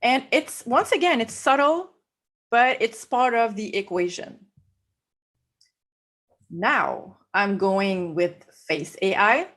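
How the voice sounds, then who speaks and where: A woman's voice: fairly high pitch, a bit bright. A woman with a French accent walking viewers through a photo edit step by step, laughing easily. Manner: slow, explanatory, laughs easily. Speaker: guest photographer. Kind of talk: live photo-editing demo.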